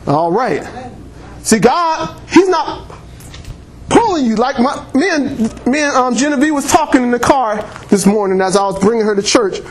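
A man's voice: extremely high pitch, animated, normal speed, a little hiss or hum. A man preaching a sermon in church, reading scripture and calling on the congregation for amens, laughing often.

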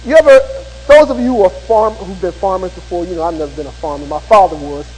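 Very high-pitched male pastor, folksy storyteller turning fervent, long hall reverb. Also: fast talker, dark tone, husky. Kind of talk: sermon.

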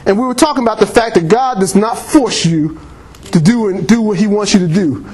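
A man's voice: high voice, fairly quick, a little mellow. A man preaching a sermon in church, reading scripture and calling on the congregation for amens, laughing often.

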